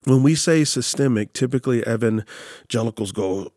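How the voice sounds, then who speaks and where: A pastor and author from San Antonio, Texas tells stories during an interview, animatedly acting out the quotes within them. His mid-range voice moves at a normal speed, captured in clean studio sound with no echo.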